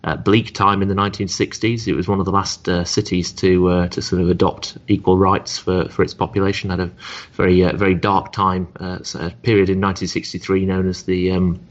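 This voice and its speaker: A man's voice: low voice, flat delivery, a little fast, lo-fi sound. An English man in his thirties co-hosting a podcast, wry and dismissive, rambling with many fillers. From England. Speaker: podcast co-host. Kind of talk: casual chat.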